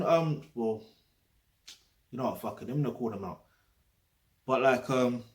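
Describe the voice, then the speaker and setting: A man with a London accent speaks bluntly and emphatically, checking in with his listener and swearing for emphasis. His voice sits at an ordinary middle pitch. The room around him rings with a noticeable echo. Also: unhurried, long pauses. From London, England. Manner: blunt, emphatic, peppered with tag questions and swearing. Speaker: vlogger. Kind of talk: casual direct-to-camera talk. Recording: roomy echo.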